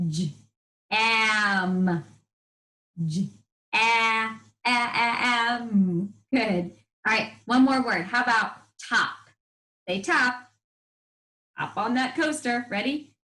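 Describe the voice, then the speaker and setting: Heard with a roomy echo, an upbeat, encouraging woman stretches out sounds for young children while teaching first-grade reading in a broadcast lesson. Her pitch is fairly high and her tone fairly bright.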